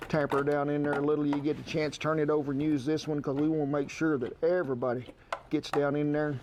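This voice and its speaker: A man's voice: on the high side, little pitch movement, quick pace, background noise. Folksy man cooking outdoors. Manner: folksy, homespun talk. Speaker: outdoor cook. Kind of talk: cooking demonstration.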